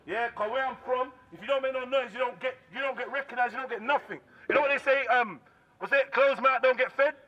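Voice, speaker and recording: A man, leading a crowd outdoors in loud call-and-response, shouting so everyone can hear. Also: very high voice, steady tone, fast, muffled recording. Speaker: community outreach leader.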